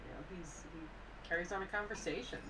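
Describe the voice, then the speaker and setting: A woman co-hosts a casual film podcast in a slightly low voice. She thinks aloud, hesitant and full of fillers. She sits back from the mic, with a steady hiss in the background. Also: a little fast, far from the mic. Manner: thoughtful, hesitant, many fillers. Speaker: podcast co-host.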